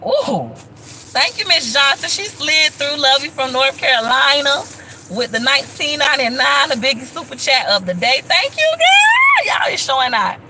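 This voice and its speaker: A woman, chatting casually on a live stream, thanking viewers warmly and sharing her own story. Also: high voice, normal speed, noisy background. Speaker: YouTube vlogger on a live stream.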